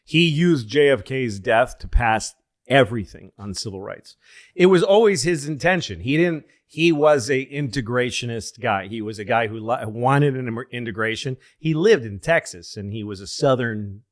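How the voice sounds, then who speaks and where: A man's voice: mid-range voice, moderate pace, no room sound, studio quality. A male comedian and podcast host telling rambling, profane stories in casual chat, often restarting his sentences.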